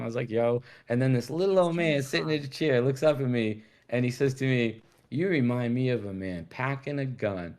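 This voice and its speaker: A man's voice: medium pitch, a little mellow. A man from Rhode Island telling a story as a guest in a casual chat, laid-back and swearing freely while acting out the dialogue.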